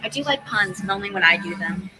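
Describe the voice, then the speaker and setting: A young woman comedian chatting casually as a podcast guest, animated and quick to laugh, swearing freely. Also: medium pitch, faint music behind, low-quality recording.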